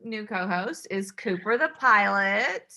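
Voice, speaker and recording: A woman hosts a podcast in easy, friendly conversation, agreeing often and drawing her guests out. Her voice has a bright, forward edge. She keeps a relaxed, chatty pace. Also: mid-range voice, slow pace. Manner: friendly, agreeable, lots of yeahs. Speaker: podcast host. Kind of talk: casual podcast chat.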